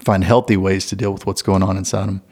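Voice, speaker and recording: Lively middle-aged man giving parenting advice. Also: deep voice, quick pace, husky. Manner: animated, acts out family exchanges. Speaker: guest parent. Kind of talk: conversational advice.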